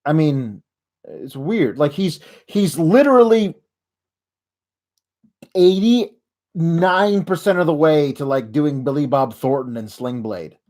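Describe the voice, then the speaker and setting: A man hosts a comedic wrestling recap show, ranting in a rambling, sarcastic way and halting with fillers. His slightly high voice has lively intonation and a darkish tone.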